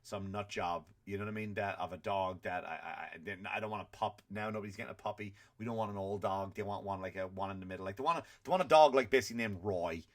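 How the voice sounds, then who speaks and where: A man's voice: fairly low pitch, fast, few pauses. A man hosting a comedy podcast, ranting in a profane, conversational way. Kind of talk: comedic rant.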